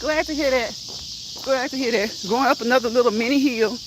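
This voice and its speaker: A woman's voice: fairly high pitch, brisk. A woman livestreaming as she walks outdoors, chatting casually with viewers, teasing and laughing often. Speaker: vlogger on a live walking stream. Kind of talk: casual chat while walking. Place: outdoors in a rural area, walking uphill. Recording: outdoor noise with insects.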